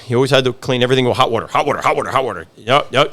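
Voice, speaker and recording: A man's voice: medium pitch, racing, a bit bright. A man in his forties, a podcast guest and pizzeria owner, telling stories in casual chat, repeating phrases for emphasis. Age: 40s.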